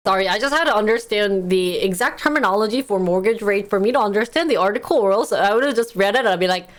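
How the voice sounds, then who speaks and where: A woman's voice: medium pitch, lively intonation, quick pace. A young woman streaming live, reading news articles aloud and chatting casually with her viewers, often laughing and calling them guys.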